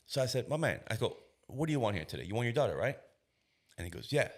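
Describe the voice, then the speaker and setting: A man's voice: medium pitch, fast talker. A man in his thirties, a police officer, telling a story on a podcast in casual slang and acting out the voices of the people in it. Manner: animated storyteller who acts out quoted voices.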